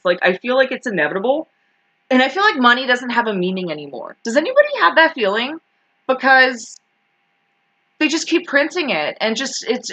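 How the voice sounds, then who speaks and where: Canadian lady ranting on her vlog, swears a lot, sarcastic, super lively up and down voice. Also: mid-range voice. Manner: profane, sarcastic, laughs while ranting. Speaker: channel host.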